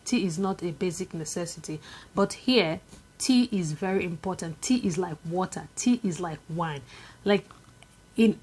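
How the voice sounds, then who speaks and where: A woman's voice: medium pitch, dark tone, husky. A young woman with a Nigerian accent, chatting casually to camera in a vlog, with many fillers and repetitions. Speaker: vlogger.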